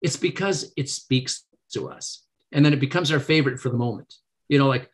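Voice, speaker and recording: A middle-aged man speaks as a podcast guest, earnest and encouraging, with a voice of ordinary pitch. He slips into a lifted tone when he acts out what people say. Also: brisk. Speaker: podcast guest, negotiation trainer. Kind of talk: casual interview.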